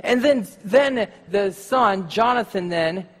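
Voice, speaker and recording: Male preacher, high pitch, husky tone, long hall reverb, casual and joking. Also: animated, slow, a bit bright. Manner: casual, joking asides, acts out scenes. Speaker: pastor. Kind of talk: sermon.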